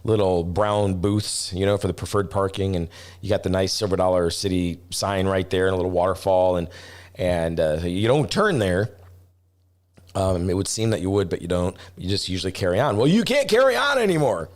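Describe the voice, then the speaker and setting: A middle-aged man, a travel vlogger, telling a story casually, rambling with restarts and getting animated as he acts out voices. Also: low-pitched, moderate pace.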